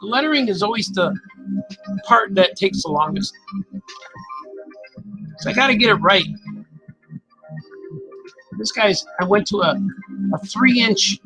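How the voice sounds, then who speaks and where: Chatty cartoonist host, male, high and bright voice, playful, faint music underneath. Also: expressive, a little slow, pauses often, poor audio. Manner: chatty, playful, reads viewer comments aloud. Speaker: cartoonist livestreaming his drawing. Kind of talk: casual chat while drawing.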